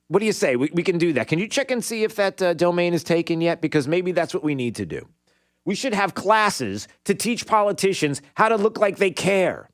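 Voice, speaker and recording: A male talk radio host with a fairly high voice that swings up and down a lot as he rants. He is sarcastic and bantering, heard on a dry, close studio mic. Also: brisk, no room sound. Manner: sarcastic, animated, banters with producer. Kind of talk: opinionated talk radio monologue.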